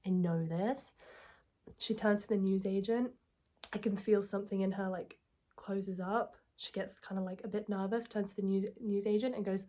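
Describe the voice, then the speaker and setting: A woman's voice: medium pitch, steady tone, normal speed, dark tone. A woman, telling a personal story and giving self-help advice in a candid, reflective, earnest way.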